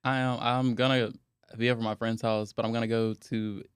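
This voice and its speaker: A man's voice: medium pitch, flat delivery, a little fast, clean tone, no echo, clean studio sound. A young man in a casual family chat, joking in a laid-back way. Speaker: guest, younger relative.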